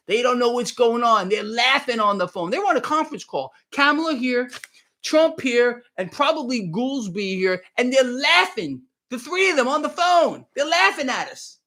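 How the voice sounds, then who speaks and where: A man's voice: extremely high pitch, expressive, moderate pace, pushed and bright. A man hosting a live stream of market commentary, talking straight to his viewers with sarcastic, exclaiming emphasis.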